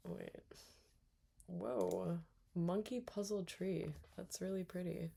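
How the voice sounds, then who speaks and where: Young woman w/ a low gravelly voice, muttering + cursing thru a let's play. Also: takes it slowly, warm tone. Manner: reactive, swears a lot, mutters to herself. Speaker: gaming streamer. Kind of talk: casual let's-play commentary.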